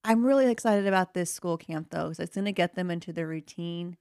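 A woman in her thirties co-hosting a podcast, chatting fast and poking fun at herself. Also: on the low side, darkish tone, clear, resonant tone, no room sound, studio quality. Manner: chatty, fast, self-mocking. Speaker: podcast co-host. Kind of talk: casual chat.

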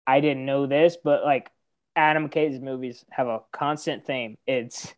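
A man's voice: mid-range voice, steady tone, measured pace, lo-fi sound. A young man on a podcast, chatting casually about comedy films, rambling with restarts, swearing and laughing often. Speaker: podcast co-host. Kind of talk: casual movie chat.

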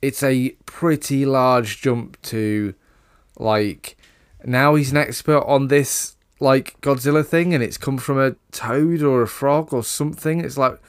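A man's voice: medium pitch, unhurried, clean tone, no room sound, clean studio sound. A man co-hosting a casual film review chat, sarcastic and swearing casually. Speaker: podcast co-host.

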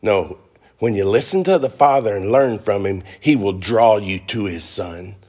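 Middle-aged preacher guy, fast folksy talk, low voice that shoots up high when he gets going. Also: expressive, darkish tone, breathy edge. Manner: fervent preaching, climbing into high emphatic bursts; fast-talking, folksy with y'all and ain't. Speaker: pastor. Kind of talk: sermon. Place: church before a congregation.

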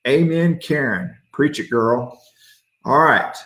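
A middle-aged male pastor runs a casual midweek devotional, folksy and quick with a joke, answering viewer comments as they arrive. His average-pitched voice is expressive and a bit bright, with a roomy echo around it.

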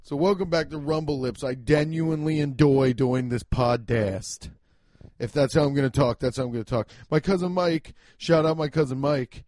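A young man hosting a casual solo podcast, talking loudly and emphatically, swearing and poking fun at himself. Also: medium pitch, moderate pace, dry recording, clean studio sound. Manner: loud, emphatic, swearing, self-mocking. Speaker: podcast host. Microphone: home podcast mic.

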